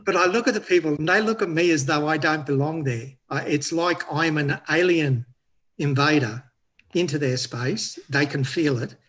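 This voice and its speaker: A man calling in to a talk show, telling a playful story slowly. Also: on the high side, a bit bright. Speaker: caller. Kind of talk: casual chat.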